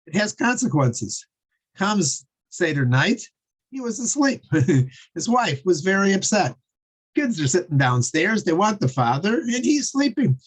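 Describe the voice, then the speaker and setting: A man's voice: high voice, breathy edge, rough recording. A man teaching a Torah class, telling a story conversationally with frequent fillers and chuckles.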